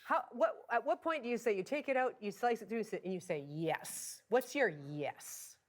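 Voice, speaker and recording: A woman hosting a casual interview, enthusiastic and expressive as she asks questions. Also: a little high, fast talker. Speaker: host.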